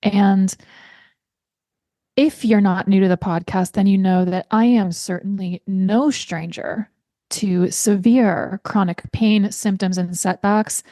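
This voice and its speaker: Warm-toned earnest woman podcast host. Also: mid-range voice, steady tone, no echo, studio quality. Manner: earnest, heartfelt, guides slow breathing. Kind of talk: podcast monologue.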